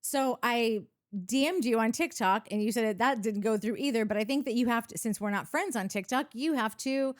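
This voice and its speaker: A woman's voice: on the high side, a little fast, hardly any pauses. A woman co-hosting a podcast, reading listener comments in a chatty way that keeps slipping into laughter. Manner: giggly, chatty, trails into laughter. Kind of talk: casual chat.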